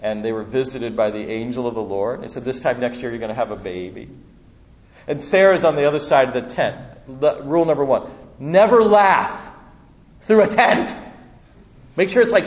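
A man's voice: mid-range voice, normal speed. A man preaching a sermon, telling stories and acting out the voices of the people in them. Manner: animated storytelling, acting out voices of people in the story. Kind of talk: sermon with personal anecdote. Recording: dull lo-fi sound with long hall reverb.

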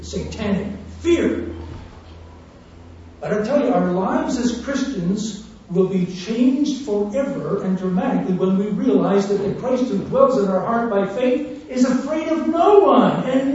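A man preaching a sermon, telling a story fervently and swinging between hushed and loud passages. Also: extremely high pitch. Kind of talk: sermon testimony. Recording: muffled, echoey, distant church recording.

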